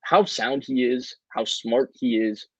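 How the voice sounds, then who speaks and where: A man's voice: mid-range voice, steady tone, slow pace, a bit bright, breathy edge, dry recording. Earnest man breaking down football, dull dry audio. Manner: earnest, detailed, some stammering. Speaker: sports podcast co-host. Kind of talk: casual sports analysis.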